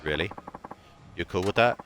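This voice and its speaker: A man reading aloud as a calm, reasonable, slightly tipsy man in a video game. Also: low voice, moderate pace, slight background noise. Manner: level, wry and reasonable.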